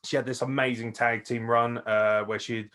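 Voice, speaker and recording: A man talks wrestling news as a podcast co-host. He is excitable and loose, swearing freely and laughing often. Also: mid-range voice, moderate pace. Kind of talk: casual wrestling news chat.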